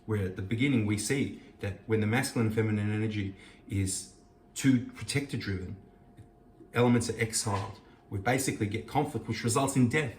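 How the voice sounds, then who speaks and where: A man's voice: on the low side, a little fast, slight background noise. A man giving an earnest, reflective talk on a scripture passage, reading Hebrew verses and explaining them. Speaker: host. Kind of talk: reflective Torah teaching. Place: kitchen. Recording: echoey room, mic at a distance.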